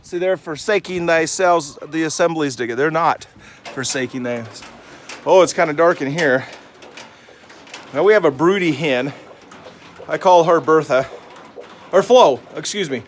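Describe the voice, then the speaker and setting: A man with a somewhat high voice gives a loose, rambling devotional vlog outdoors on a rainy farm. He keeps breaking off to talk fondly to his goats, cats and hens. Faint clucking from chickens can be heard behind him. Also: normal speed, pauses often, slight background noise. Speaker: Christian vlogger. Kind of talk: casual devotional vlog during farm chores. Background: chickens clucking nearby.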